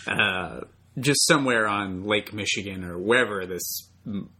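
Husky man recapping a movie plot. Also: lowish voice, measured pace, sharp tone. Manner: stumbling restarts, agreeable, keeps recapping the plot. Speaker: podcast co-host. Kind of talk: casual movie discussion chat.

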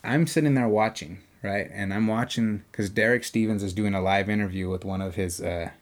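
A man's voice: on the low side, brisk. A man co-hosting a podcast, casually telling a long story and acting out what people said, with the odd swear word. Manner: animated retelling, acts out quoted voices, swears casually. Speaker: podcast co-host.

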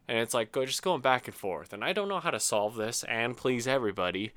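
A man's voice: medium pitch, animated, a little fast, hardly any pauses, a bit bright, no room sound. A man hosting his own show, talking casually and rambling through his small frustrations with self-mocking humor. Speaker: host. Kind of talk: casual solo monologue.

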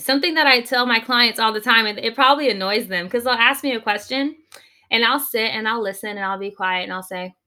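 A woman coach talking as a podcast guest, giving advice in an animated way and slowing down to stress her points. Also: a little high. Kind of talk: podcast interview, conversational advice.

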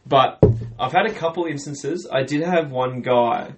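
A man's voice: mid-range voice, a little slow, over loud music. Man, podcast host, casual chat, plain mid-range voice, chimes in often. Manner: prompts with questions and short agreements.

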